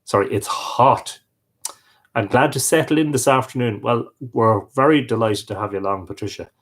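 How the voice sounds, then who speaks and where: A man's voice: mid-range voice, moderate pace. A man hosting a livestream, reading out viewers' comments and greeting each one by name. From Ireland. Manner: friendly, reads out viewer comments and answers them. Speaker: livestream host. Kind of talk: reading live chat greetings.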